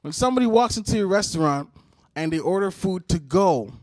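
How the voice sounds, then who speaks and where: A man, a comedian guest, telling an animated, profane story on a talk show. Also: high voice, brisk, dry recording, studio quality. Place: studio.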